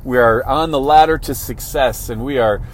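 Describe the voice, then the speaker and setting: A man's voice: mid-range voice, moderate pace. A man giving a motivational talk in a conversational way, often checking in with "right?" and restarting his phrases. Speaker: motivational speaker.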